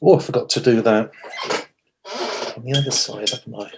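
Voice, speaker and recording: Brisk and creaky, this mid-range male voice belongs to a watercolour teacher doing a live demo against background noise. He talks his thoughts through while working, fixes sentences halfway and pokes fun at himself.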